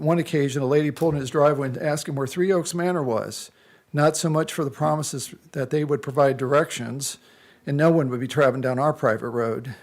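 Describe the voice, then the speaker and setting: A man's voice: fairly high pitch, vocal fry. A man giving an indignant, complaining public comment at a county board meeting. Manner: indignant, complaining, reading a prepared statement. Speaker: resident speaking at public comment.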